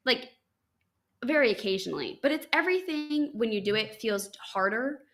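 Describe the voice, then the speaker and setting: A woman's voice: on the high side, animated, moderate pace, fairly bright tone. A young woman hosting a podcast, telling a story in casual chat, full of "like" and acted-out dialogue. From United States. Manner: chatty, full of "like", acts out quoted dialogue. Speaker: podcast host.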